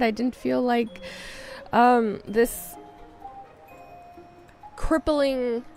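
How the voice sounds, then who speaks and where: Woman streamer, 30s, higher voice; candid, self-mocking ramble over faint game music. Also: creaky. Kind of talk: casual chat while gaming.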